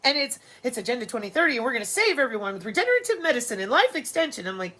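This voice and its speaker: Bright-voiced, profane ranting woman. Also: high-pitched, very fast, few pauses. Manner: profane, sarcastic, animated, slips into mocking voices. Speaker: vlogger. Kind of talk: ranting monologue to camera.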